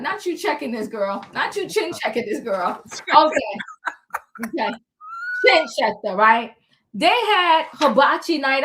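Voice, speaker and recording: A woman co-hosting a reality show recap, chatting casually and acting out the cast's quotes in a slangy, animated way. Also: on the high side, a little hiss or hum. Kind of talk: casual chat.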